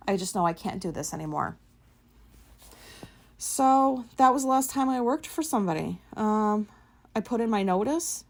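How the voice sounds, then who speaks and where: Blunt, swearing woman telling a story. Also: mid-range voice. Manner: blunt and profane, many fillers. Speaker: podcast host. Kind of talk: casual personal storytelling.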